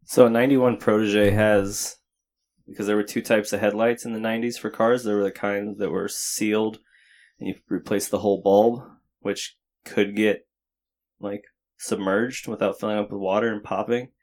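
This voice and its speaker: A man's voice: on the low side, flat delivery, normal speed, a little mellow. A man co-hosting a podcast, explaining things in casual chat and thinking aloud as he goes. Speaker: podcast co-host.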